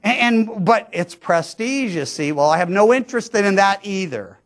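A man's voice: high-pitched, lively intonation, normal speed. A pastor giving a conversational verse-by-verse sermon, often restarting his sentences. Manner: conversational, frequent stammered restarts. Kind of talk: sermon, verse-by-verse Bible teaching.

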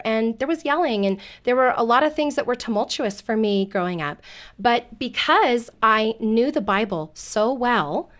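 Earnest woman, slightly high voice. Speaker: guest. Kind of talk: personal testimony in casual talk.

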